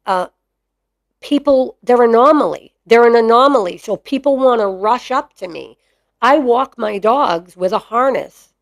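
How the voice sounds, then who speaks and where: A middle-aged woman talks slowly and unhurriedly on her podcast, chatty and opinionated, peppering her speech with fillers. Her voice sits in a middle register and sounds dry and close, with no room echo. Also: fairly high pitch. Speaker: mastiff breeder and podcast host. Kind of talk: casual podcast monologue.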